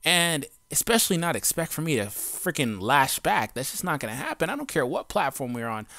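With a somewhat high, sing-song voice and a sharp tone, this adult gaming YouTuber talks a little fast in a rambling, unscripted rant to camera. The home mic recording is dry and clean like a studio. His speech is slangy, profane, filler-heavy, and bluntly defiant.

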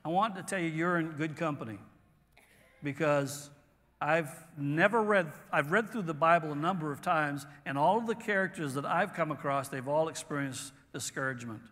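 A man preaching a sermon as pastor, earnest, pausing and restarting as he talks. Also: on the high side, a bit bright, long reverb tail. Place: church sanctuary.

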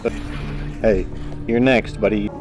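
A tired man giving goofy gameplay commentary into a VR headset, with excitable outbursts between quiet mutters. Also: on the low side, takes it slowly, music in the background. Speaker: gamer.

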